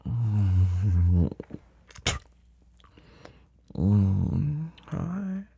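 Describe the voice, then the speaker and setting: Casting: low, gravelly, husky man for a slow, commanding role-play, drifting into whispers. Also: sing-song, phone-quality sound. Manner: commanding and teasing; drops to a whisper at times. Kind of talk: dominant audio role-play.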